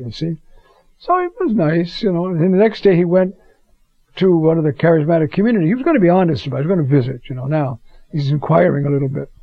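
A slightly high, gravelly voice belongs to an older man teaching the Bible informally; he keeps asking "you see?" as he tells folksy personal stories. It is a dull, dry, lo-fi recording.

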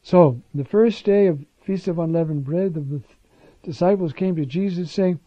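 A man's voice: on the high side, moderate pace, no echo. A man teaching scripture in a conversational sermon, with informal asides and restarts, on a dull lo-fi recording.

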